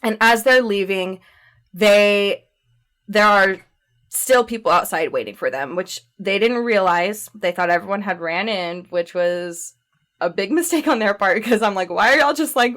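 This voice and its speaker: A woman co-hosting a podcast, recapping a movie in a chatty, animated way full of fillers and laughs. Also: mid-range voice, measured pace. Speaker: podcast co-host. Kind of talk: casual chat recapping a movie.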